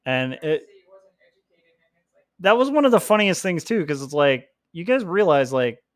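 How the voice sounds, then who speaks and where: A man's voice: a little high, very animated, measured pace, no room sound, clean studio sound. A man chatting casually on his livestream while he draws comics, rambling, laughing often and filling his talk with "like". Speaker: comics artist livestreaming his drawing work.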